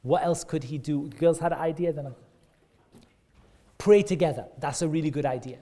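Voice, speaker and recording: A man leads a children's class with a mellow, slightly high voice. He keeps asking the kids questions and echoes their answers back with warm praise. His talk is loose and encouraging, full of everyday examples. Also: moderate pace. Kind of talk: interactive lesson for kids.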